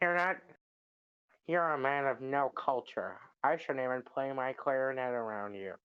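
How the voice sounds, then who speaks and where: A man's voice: mid-range voice, moderate pace, clear, resonant tone, highs cut off, close to an everyday voice. A man voicing a grumpy cartoon squid turned angry race car driver, using a nasal put-on voice in improv comedy. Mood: snooty.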